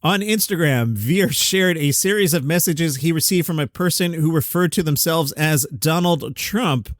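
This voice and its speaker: A man's voice: on the high side, normal speed, no room sound, studio quality. A man hosting a comedy news show, recapping headlines in a casual, wry way with joking side comments. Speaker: comedy news podcast host.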